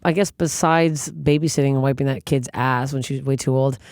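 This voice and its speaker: A woman's voice: very deep voice, a little fast, dry recording, studio quality. A woman comedian, a guest on a podcast, telling stories in casual chat with lots of swearing. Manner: animated, profane storytelling.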